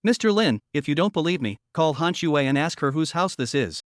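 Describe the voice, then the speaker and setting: A man's voice: on the high side, lively intonation, fairly quick, no room sound, studio quality, close to an everyday voice. A man voicing a cocky, self-assured young man in a manhwa recap. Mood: smug.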